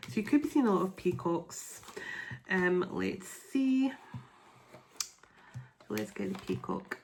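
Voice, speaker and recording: A woman doing a spiritual tarot reading to camera, emotional and excitable, reading card texts aloud. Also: mid-range voice, takes it slowly, creaky, a little hiss or hum. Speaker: tarot reader.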